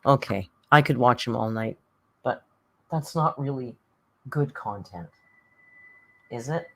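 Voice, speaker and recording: A woman's voice: rumbling low, measured pace, long pauses, a bit bright, poor audio. A woman hosting a casual live stream, chatting to viewers and cooing at her cat. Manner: chatty, coos baby talk to her cat.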